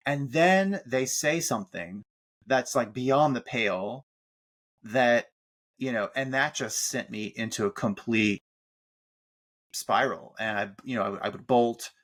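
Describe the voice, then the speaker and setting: A middle-aged man speaks as a guest on a podcast, in a voice of ordinary middle pitch. He talks in animated, rambling bursts, stopping to restart sentences and briefly acting out other people's words. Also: a little slow. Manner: animated, frequent restarts and "like", acts out quoted therapists. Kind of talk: conversational interview talk.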